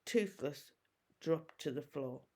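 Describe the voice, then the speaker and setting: A woman teacher reading a storybook aloud to pupils in an expressive, measured way. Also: deep voice.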